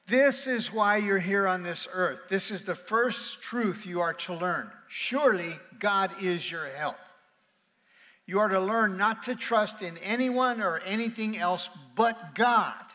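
A man's voice: sits high, unhurried, bright, forceful tone, in a large hall. A man preaching a sermon as pastor, playful and calling on his congregation to answer back. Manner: playful, calls on the congregation to respond. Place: large auditorium with balcony.

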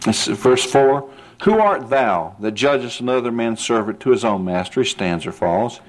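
A man's voice: medium pitch, expressive, moderate pace. A man preaching a sermon in an earnest, folksy way, often asking "see?" and building to emphatic peaks.

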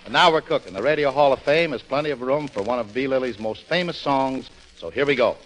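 A man's voice: mid-range voice, fairly quick, fairly bright tone. Brash, slangy man co-host. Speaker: radio show co-host. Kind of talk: 1940s radio variety banter.

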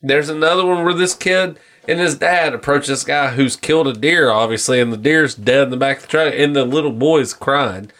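A man's voice: medium pitch, moderate pace, few pauses. A man co-hosting a podcast in casual, profane chat, telling stories and acting out people's lines. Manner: profane, animated, acts out stories in voices. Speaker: podcast co-host.

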